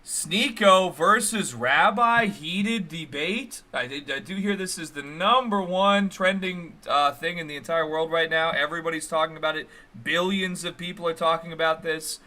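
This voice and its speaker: Male streamer, sardonic, high-pitched, bright edge, casual live commentary. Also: steady tone, a little fast, few pauses. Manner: sardonic, dry mocking remarks. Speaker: streamer reacting to a video.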